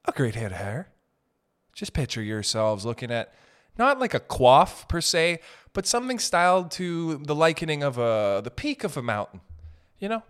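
A man's voice: medium pitch, a bit bright. Rambling, profane male podcast host. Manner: rambling, profane, tangent-hopping. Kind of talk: casual comedic monologue.

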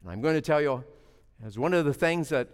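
Preacher with a lively, ringing delivery. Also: male voice, on the high side. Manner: dramatic swings between loud and hushed, with halting repeats. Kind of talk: sermon with personal storytelling. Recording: long reverb of a large hall.

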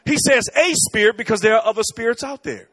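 A middle-aged man preaching a sermon in church, telling stories with lively swings between bold, loud lines and quiet asides. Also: very high-pitched, a little fast. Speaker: guest preacher. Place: church sanctuary.

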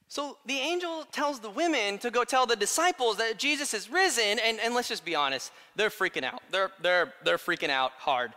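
A male pastor preaching a sermon, animated, swinging between quiet asides and loud declarations. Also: high voice, moderate pace, hardly any pauses. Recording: long hall reverb.

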